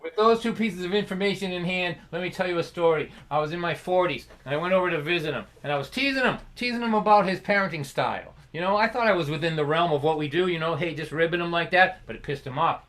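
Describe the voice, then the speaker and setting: High-voiced storyteller man. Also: fast, few pauses, fairly bright tone. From Lynn, Massachusetts. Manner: conversational, self-deprecating, ribbing. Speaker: storyteller performer. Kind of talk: comic storytelling livestream.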